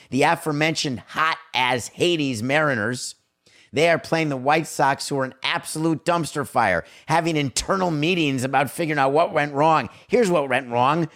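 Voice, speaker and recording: A man's voice: medium pitch, fairly bright tone. A middle-aged man hosting a sports podcast, talking bluntly and conversationally with strong opinions. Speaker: podcast host. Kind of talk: solo sports talk podcast.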